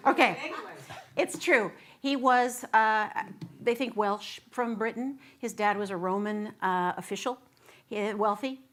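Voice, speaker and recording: A slightly slow, somewhat bright, medium-pitched voice belongs to a middle-aged woman preaching a Sunday sermon as guest minister in a church sanctuary. Bubbly and chatty, she sings, banters, and laughs with her congregation.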